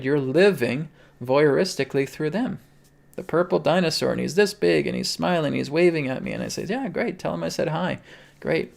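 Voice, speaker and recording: Male spiritual host with a gravelly voice, earnest and pleading on a livestream. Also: medium pitch. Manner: earnest, pleading, keeps checking in with "okay?".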